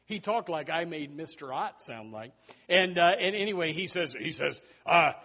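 A man's voice: a little high, expressive, normal speed, sharp tone. A middle-aged man preaching a sermon, telling a personal story in a rambling way with many restarts.

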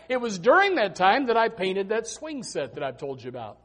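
A high-voiced man delivers a sermon. He tells personal stories with animated emphasis and circles back to repeat his key words. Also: normal speed, hardly any pauses. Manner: animated storytelling, emphatic repetition. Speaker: preacher.

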